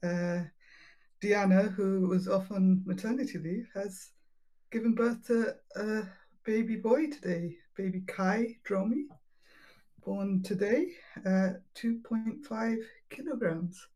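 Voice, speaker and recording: A woman's voice: mid-range voice, takes it slowly, warm tone, low-quality recording. A woman from the community team chatting casually with frequent laughs and fillers. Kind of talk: casual live chat.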